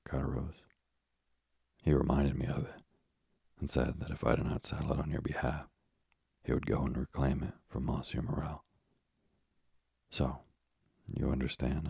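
A man reading the part of a frail, gentle elderly father in a soft, slow, hushed voice. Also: extremely low pitch, gravelly, slightly rough, dry recording, clean studio sound, full character voice.

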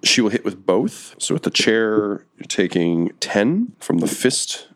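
A man with a fairly low voice narrates a tabletop game as dungeon master. He describes the action in a relaxed, vivid way, chuckling now and then. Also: unhurried, poor audio.

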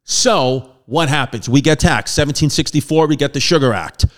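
A man's voice: fairly high pitch, normal speed. A man hosting a comedic history lesson, riffing with jokey asides and tangents. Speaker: comedian host.

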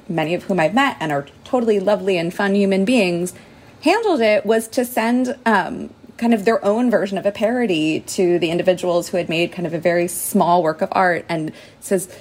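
A woman appearing as a legal expert guest on a podcast, explaining things in a measured way. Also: on the low side, darkish tone, breathy edge. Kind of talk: podcast discussion.

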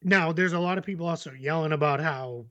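Chatty podcast co-host, slightly high voice. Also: male voice, fast talker, sharp tone, lo-fi sound. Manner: chatty, many fillers, laughs easily. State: hiccups. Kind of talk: casual sports chat.

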